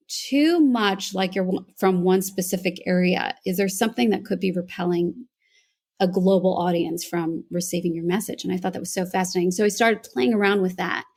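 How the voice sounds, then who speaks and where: A woman's voice: mid-range voice, a little mellow. An American woman, a voice coach, earnestly telling her story as a podcast guest. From United States. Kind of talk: podcast interview.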